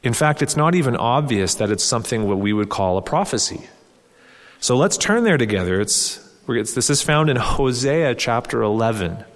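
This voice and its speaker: A man's voice: medium pitch, animated, normal speed. A man preaching a sermon in an earnest teaching tone, reading scripture aloud with rising emphasis. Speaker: pastor. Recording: long hall reverb.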